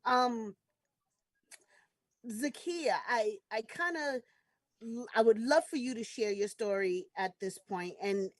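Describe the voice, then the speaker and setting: A woman hosting a casual conversation on a video call, talking in a relaxed way with lots of "you know". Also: a little high, slow pace, pauses often, no room sound. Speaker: host. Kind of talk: casual chat.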